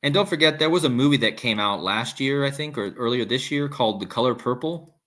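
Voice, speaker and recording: A man's voice: mid-range voice, animated, fairly quick, a bit bright. A man hosting a casual live stream, rambling with restarts and reading viewer comments aloud. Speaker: livestream host.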